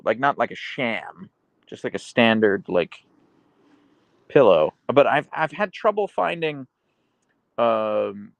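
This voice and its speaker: A man's voice: fairly low pitch, no echo. A man hosting a live stream, reading chat in a casual, rambling way with lots of fillers and sometimes talking to his dogs. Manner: baby-talks his dogs at times. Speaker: livestream host reading chat.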